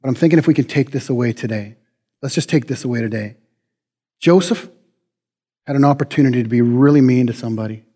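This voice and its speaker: A man's voice: mid-range voice, quick pace, long pauses, dark tone. A man preaching a sermon in a conversational, folksy, self-deprecating way. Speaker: pastor. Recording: preached in a hall with long reverb.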